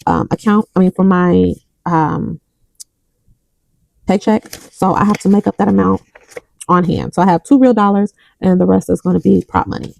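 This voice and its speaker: A woman's voice: lowish voice, animated, moderate pace, gravelly, a little mellow, no room sound, low-quality recording. A young adult woman vlogging about her budget, counting bills aloud and telling a story between counts. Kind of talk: casual chat while counting cash.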